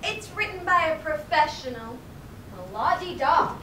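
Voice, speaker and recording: A young woman plays a self-serious girl who wants to write plays, tossing out dry, sarcastic asides in a fairly high voice. The sound comes from a camera far back in an echoey theatre. A steady noise runs underneath. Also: measured pace. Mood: wry. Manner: wry, sarcastic asides to the audience. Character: earnest young female aspiring playwright, self-serious. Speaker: stage actor. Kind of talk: live amateur stage play. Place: small theatre stage. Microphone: far camera in audience.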